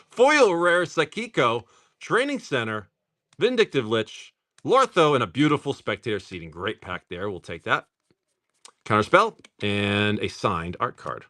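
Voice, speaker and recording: A man's voice: on the low side, very animated, takes it slowly, pauses often, sharp tone. A middle-aged man hosting a casual live stream. He jokes, laughs often, swears freely and rattles off card names while opening packs.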